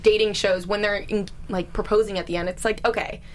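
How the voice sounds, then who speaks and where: A woman's voice: mid-range voice, fairly even intonation, a little fast, a little hiss or hum. A woman co-hosting a casual panel chat, talkative and full of fillers like "like". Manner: talkative, lots of "like". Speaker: co-host.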